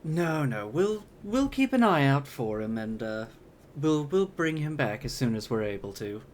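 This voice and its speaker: A polite female battle sister in power armor who speaks courteously and a little hesitantly, with plenty of fillers, voiced by a man. Her voice is mid-pitched, with a faint hiss in the background. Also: sing-song, a little slow.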